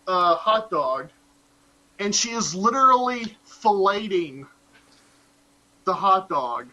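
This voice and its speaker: A man hosting a casual podcast chat, telling stories in an animated, crude, joking way. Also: high voice, slow, long pauses, poor audio. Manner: animated, crude, jokey storytelling.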